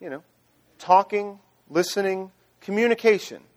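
Pastor guy preaching, chatty and loose, you-know's everywhere, voice a bit high for a man. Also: normal speed. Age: adult father. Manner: chatty, conversational with fillers and restarts. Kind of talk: sermon with storytelling.

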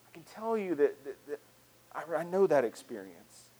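A male pastor delivers a sermon in an earnest, conversational manner. His voice sits a little higher than most men's, and he often doubles back to restart a phrase mid-thought. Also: big pitch swings, normal speed, mellow, rough recording.

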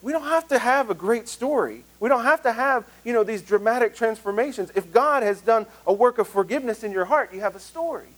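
A man's voice: very high-pitched, animated, brisk, few pauses, low-quality recording. A male pastor with a Southern US accent preaching a conversational sermon, earnest and self-deprecating.

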